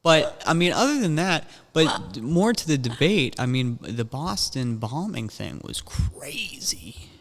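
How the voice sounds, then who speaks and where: A man's voice: big pitch swings, unhurried, few pauses, fairly bright tone. Ranting man in a reverberant room. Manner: profane, ranting, jumps to high mocking voice. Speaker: podcast co-host. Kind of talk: casual chat. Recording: long hall reverb.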